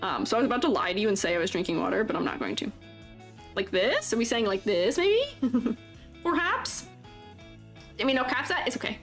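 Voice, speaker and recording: Her voice sits on the high side, moving briskly with big pitch swings and frequent pauses. She's a streamer drawing and reviewing avatar designs, chatting casually, laughing often, reading comments aloud and playfully teasing viewers while faint music plays in the background.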